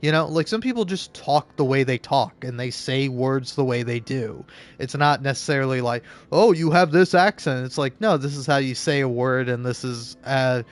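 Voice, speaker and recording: A man's voice: medium pitch, normal speed. An American man from the southeastern US, chatting casually while gaming, in a rambling way with many fillers and restarts. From southeastern United States. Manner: rambling, filler-heavy, frequent 'like' and restarts. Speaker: streamer.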